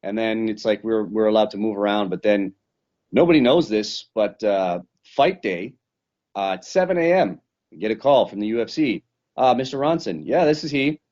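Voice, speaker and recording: A man with a lowish voice tells his story in a loose, rambling way and swears freely. He sounds like he is on a remote video call. The sound is muffled and lo-fi. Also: expressive, moderate pace, a little mellow. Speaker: professional fighter. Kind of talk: casual interview recap. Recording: dull lo-fi sound.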